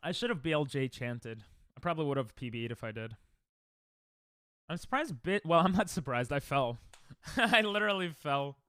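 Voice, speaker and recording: A man's voice: on the high side, very animated, moderate pace, a bit bright, clean tone, no echo, studio quality. Young man streaming, casually rambling. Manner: rambling, self-deprecating, restarts often, chats with viewers. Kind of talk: casual livestream chat while speedrunning.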